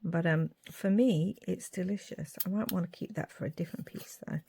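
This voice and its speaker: A woman's voice: fairly low pitch, moderate pace, gravelly, mellow, slight background noise. A woman from Ireland chatting casually while making a craft project, muttering asides to herself. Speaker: craft vlogger.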